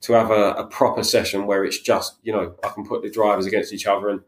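A man's voice: lowish voice, level tone, fast talker, reverberant. A man chatting casually as a podcast co-host, telling stories with many fillers and restarts. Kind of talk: casual chat.

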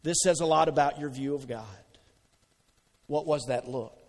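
A man's voice: fairly high pitch, moderate pace. Man preaching in a reverberant hall. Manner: conversational preaching with questions to the congregation. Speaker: pastor. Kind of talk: sermon.

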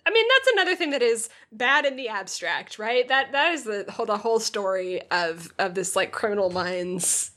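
A woman's voice: mid-range voice, animated, normal speed, hardly any pauses, bright, forceful tone. A woman co-hosting a podcast, chatting casually with wry, joking remarks. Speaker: podcast co-host. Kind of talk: casual chat.

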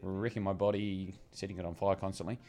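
A young man with a New Zealand accent, telling stories about his life in a relaxed, self-mocking chat. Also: low voice, brisk. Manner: laid-back, self-mocking, dry humour. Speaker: guest. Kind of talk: casual storytelling chat.

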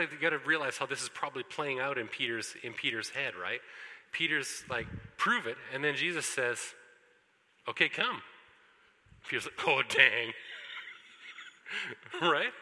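A man preaching in a church hall, his voice very bright and forceful. He talks in an animated way and jokes with the congregation. A long reverb from the hall trails behind his words. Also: mid-range voice. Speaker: pastor. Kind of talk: sermon.

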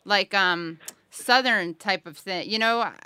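Woman host, bright sharp voice, jokey teasing questions. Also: medium pitch, unhurried, clean tone, no echo, studio quality. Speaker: podcast host. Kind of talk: casual interview chat.

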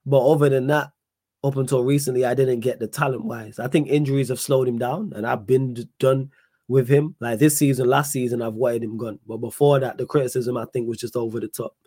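Calm, laid-back man. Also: medium pitch, fairly quick, breathy edge, no echo. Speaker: podcast host answering viewer questions. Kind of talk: casual chat.

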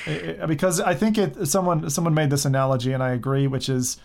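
A man's voice: a little high, fairly even intonation, fast, gravelly, a crowd in the background. A man co-hosting a casual tech podcast, opinionated and thinking aloud. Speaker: podcast co-host. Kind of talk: casual group chat.

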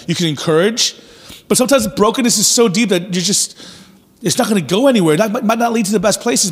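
Male pastor, sermon, fairly high husky voice, conversational and animated, long hall reverb. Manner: conversational, animated preaching with acted-out asides.

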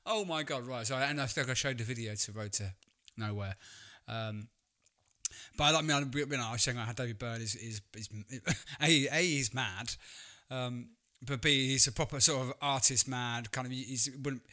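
A man co-hosting a podcast, chatting about music in a playful, animated way. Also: mid-range voice, normal speed. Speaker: podcast co-host. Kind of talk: casual music chat.

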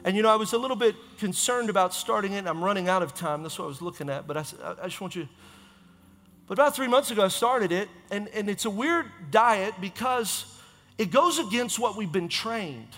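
A man delivers an impassioned sermon, repeating phrases and correcting himself quickly as he drives a point home. His voice sits high and bright. The sound comes from a reverberant church hall with faint music underneath. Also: animated. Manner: impassioned, repetitive preaching with quick self-corrections. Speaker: pastor.

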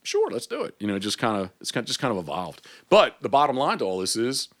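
Lively, fast-talking man telling stories. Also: on the low side. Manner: animated storyteller who acts out quoted exchanges. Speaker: hunting and fishing guide. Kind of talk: casual podcast interview.

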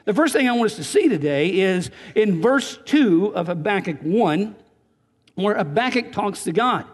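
A man's voice: sits high, expressive, normal speed. A man preaching a sermon in a church, earnest, often repeating and restarting words as he presses his points. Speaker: pastor. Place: church sanctuary. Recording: church sanctuary with long reverb.

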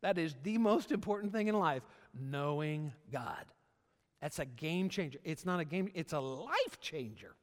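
Animated pastor preaching in a reverberant hall. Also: male voice, on the high side, normal speed. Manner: animated, emphatic with repetitions and jokes. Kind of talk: sermon. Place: church service.

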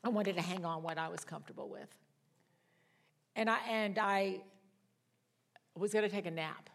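An older woman teaching a Bible study. She tells personal stories in a chatty way, with self-mocking asides and sudden jumps in pitch and loudness. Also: normal speed, creaky.

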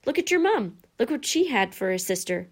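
A woman reader voicing a gruff, big-hearted giant groundskeeper who drops his g's and talks in a hearty, folksy way. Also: fairly high pitch, very animated, brisk.

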